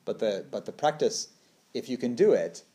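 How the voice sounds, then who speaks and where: A man's voice: mid-range voice, lively intonation, normal speed, mellow. A man in his thirties giving a casual talk on meditation, laughing often and acting out little quoted voices. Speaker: meditation teacher.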